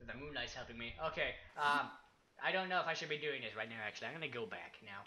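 A young man casually commenting as he plays a survival game, chatty and excitable, talking to himself and the objects in it. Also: mid-range voice, fast talker, slight background noise. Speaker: gaming YouTuber. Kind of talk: casual let's-play commentary.

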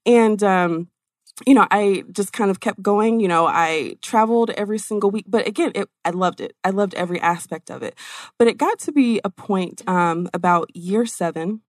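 A woman business coach telling her story in an interview, in a chatty, animated way with many fillers. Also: medium pitch, moderate pace, dry recording, studio quality.

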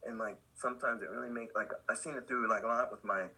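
A man's voice: mid-range voice, fairly even intonation, fast, bright, forceful tone, breathy edge, rough recording. An older man, a skateboard company owner and podcast guest, telling rambling stories in casual conversation with lots of fillers. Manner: rambling, loose and anecdotal with many fillers.

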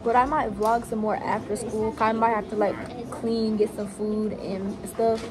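A woman's voice: a little high, flat delivery, a little slow, crowd noise. A teenage girl vlogging her school day to viewers on a phone camera, talking in a loose, slangy, chatty way. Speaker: student vlogger. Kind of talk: casual vlog chat to camera.

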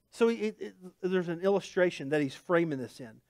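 A male pastor giving a conversational sermon, animated and full of asides and jokes. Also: high-pitched, normal speed, hardly any pauses, dry recording, studio quality. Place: church.

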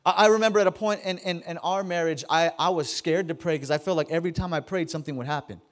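High-voiced joking pastor. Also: male voice, fast talker. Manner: casual, joking, talks to the congregation; stammers and repeats words. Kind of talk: sermon. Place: church sanctuary.

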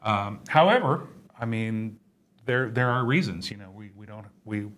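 An older man speaking as a guest on a live video chat, in an easygoing, unhurried and agreeable way. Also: on the low side, a bit bright. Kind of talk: casual livestream chat.

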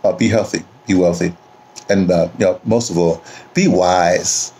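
A man's voice: low voice, measured pace, warm tone. A man talking to camera in a casual, rambling monologue, repeating words and saying "you know" often, in a home setting. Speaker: vlogger.

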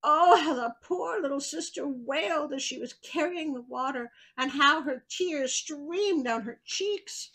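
A woman's voice: sits high, unhurried, hardly any pauses, fairly bright tone, low-quality recording. A woman hosting a storybook reading, breaking off for wry, chatty asides. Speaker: storyteller host.

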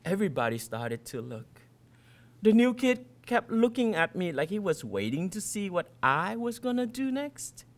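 A man, the author, giving an expressive first-person reading of his fiction in a colloquial storytelling manner. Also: sits high, normal speed.

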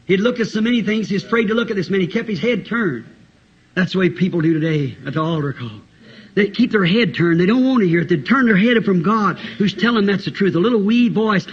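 A man's voice: sits high, slightly rough. A man preaching a fervent, urgent sermon to a congregation, recorded on a dull lo-fi 1960s tape. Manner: fervent, urgent, breaks into song. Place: church with congregation.

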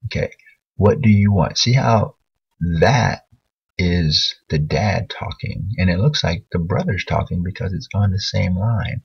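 A man's voice: deep voice, lively intonation, unhurried, gravelly, slightly rough, highs cut off. A man teaching a writing lesson over a screen recording, patiently correcting a student's work as he thinks aloud.

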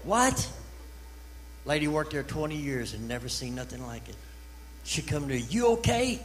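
A man, an evangelist telling his testimony in a church revival sermon, building from storytelling to shouted praise. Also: medium pitch, fairly even intonation, a little fast, a little hiss or hum, low-quality recording.

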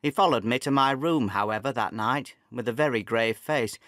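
A man narrating a classic story for English learners in a measured, clear way. His voice is mid-pitched and recorded dry and close to the mic. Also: a bit bright, no room sound. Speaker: audiobook narrator.

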